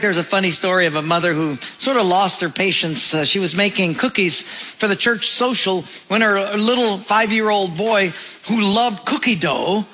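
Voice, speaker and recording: High, bright-voiced male pastor preaching. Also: a little hiss or hum, rough recording. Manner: storytelling with acted voices and humor. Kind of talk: sermon.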